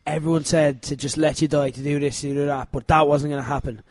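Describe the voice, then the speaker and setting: A man hosting a podcast, talking in an animated, casual way and swearing freely. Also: on the high side, fast, dry recording. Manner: animated, swearing, laughing often. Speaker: podcast host. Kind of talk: casual chat.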